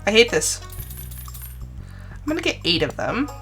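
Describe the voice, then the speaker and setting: A woman's voice: mid-range voice, very animated, normal speed, fairly bright tone, faint music behind. A woman streamer commenting live on her farming game, exasperated and talking herself through setbacks. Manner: exasperated, talks to herself, self-soothing.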